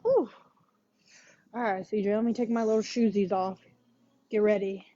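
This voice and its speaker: A woman fitness instructor chatting casually before a livestream workout class, relaxed and sighing now and then, on a headphone mic at home. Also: mid-range voice, normal speed, highs cut off, a little hiss or hum. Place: indoors at home. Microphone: wireless headphone mic.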